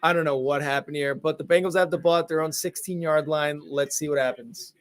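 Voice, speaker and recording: A man calling a football game as a casual fan announcer, relaxed, reading out downs and yardage and laughing along. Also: a little high, brisk. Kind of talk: casual play-by-play commentary.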